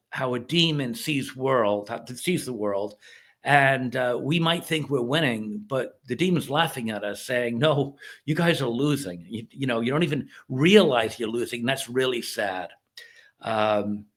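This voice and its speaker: A man's voice: mid-range voice, a bit bright. Middle-aged reverend guy doing a casual movie review vlog, earnest and rambly, keeps circling back, ordinary mid-range voice. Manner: earnest, rambling, halting delivery.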